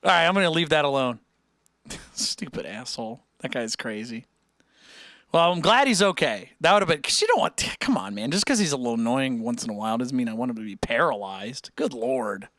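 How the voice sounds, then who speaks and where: Young male streamer, casual, jokey, lively pitch, dry close mic. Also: no echo. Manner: rambling, joking, quick to laugh. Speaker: music livestream host. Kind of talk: casual chat with live chat.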